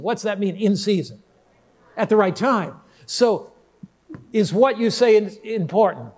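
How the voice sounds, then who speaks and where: A middle-aged pastor preaching to his congregation in a high, bright voice. He drives his points home with strings of rhetorical questions and acts out the people in his anecdotes. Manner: voices quoted people in a story. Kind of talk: sermon.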